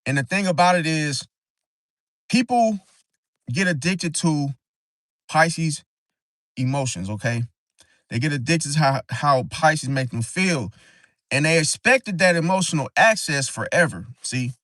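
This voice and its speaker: A man's voice: a little high, lively intonation, measured pace, pauses often, fairly bright tone, no room sound. Emphatic man with a dry close voice. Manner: preachy, emphatic, keeps asking "see?". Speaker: astrology livestream host. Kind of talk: casual livestream talk.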